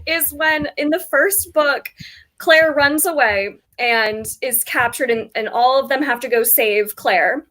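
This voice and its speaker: A woman's voice: sits high, unhurried, a bit bright. A woman guest gushing and giggling in a casual book chat over a video call.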